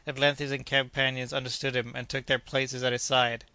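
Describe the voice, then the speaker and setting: A man narrating an adventure audiobook in a measured, steady reading. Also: medium pitch, clean tone, no echo.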